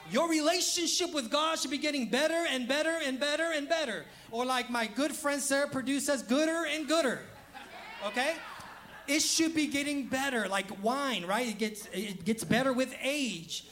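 A man's voice: very high-pitched, a bit bright, slight background noise. A man pastor preaching a conversational sermon to a congregation, acting out quoted voices and laughing at himself. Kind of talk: lively sermon. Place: church sanctuary.

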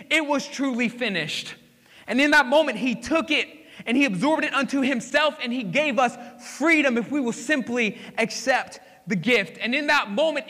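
High bright preacher in a big hall. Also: male voice. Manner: dramatic storytelling, swinging from hushed to emphatic. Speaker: pastor. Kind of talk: sermon. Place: church sanctuary.

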